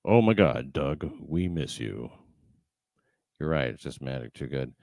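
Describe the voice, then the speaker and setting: A man's voice: very deep voice, lively intonation, a little slow, creaky, darkish tone, dry recording. A man hosting a livestream, chatting casually and reading viewer comments, rambling and swearing with many fillers and restarts. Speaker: show host reading live chat.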